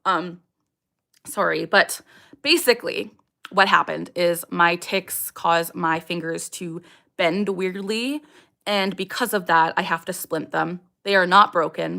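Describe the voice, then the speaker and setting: A woman's voice: lowish voice, vocal fry, bright, forceful tone. A young woman hosting a casual livestream, answering viewer questions candidly, with frequent ums and sudden vocal tics. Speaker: livestream host.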